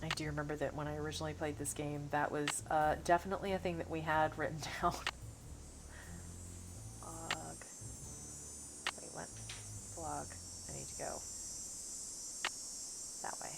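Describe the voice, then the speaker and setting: A woman's voice: deep voice, level tone, normal speed, vocal fry, long pauses, heavy background noise. A woman with a Missouri Bootheel twang, chatting casually while streaming a mystery game, thinking aloud and reading chat. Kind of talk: livestream gameplay commentary. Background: game music and cicadas.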